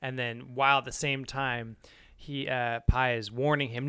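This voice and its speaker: A man's voice: medium pitch, flat delivery, normal speed, pushed and bright, clean tone, dry recording. A man in a casual book discussion, earnestly explaining his reading at length and laughing easily. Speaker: discussion partner.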